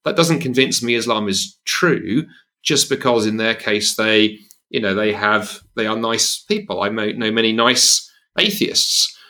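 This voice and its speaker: An evangelist appears as a guest on a podcast, speaking in a lowish, bright, forceful voice at a measured pace. He's earnest and emphatic in the conversational discussion, often restarting his sentences.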